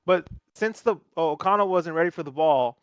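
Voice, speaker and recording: A young man with a fairly high voice hosts a casual sports podcast. He swears freely and tells the story in an animated way. The sound is dry and close. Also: moderate pace, clear, resonant tone, no echo. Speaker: podcast host.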